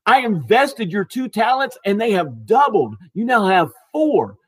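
A man's voice: high voice, sing-song, unhurried, slightly rough, no echo, clean studio sound, pitched above the performer's own voice, heavily acted. A man voicing an overjoyed male servant who gushes eagerly to his master in a retold parable. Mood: excited.

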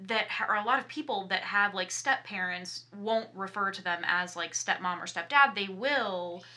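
A woman co-hosting a podcast, chatting casually about a movie in an animated, emphatic way. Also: mid-range voice, moderate pace. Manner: animated, emphatic, restarts often, mimics lines. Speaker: podcast co-host. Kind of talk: casual movie review chat.

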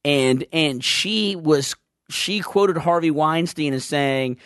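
A man co-hosting a podcast in casual comedic chat, animated and laughing often as he acts out bits. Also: fairly high pitch, slow, smooth, no room sound, studio quality. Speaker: podcast co-host.

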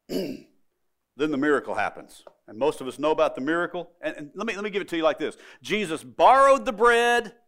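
A middle-aged preacher delivers a sermon in a folksy, storytelling way. His fairly high voice swings widely in pitch as he acts out the lines he quotes. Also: a bit bright. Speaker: pastor.

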